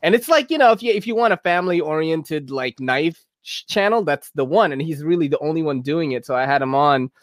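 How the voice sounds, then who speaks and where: Casual male host, loose, laughing and swearing; brightish pitch, dry mic. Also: animated, a little fast, hardly any pauses, no room sound. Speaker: podcast host. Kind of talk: casual live podcast chat.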